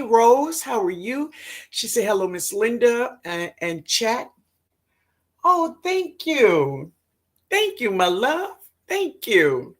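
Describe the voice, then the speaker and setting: Slow, lively New woman host. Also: on the high side. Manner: affectionate, calls viewers baby and sweetheart; excitable and laughing. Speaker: livestream host, gardener. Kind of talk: casual livestream chat, reading comments aloud.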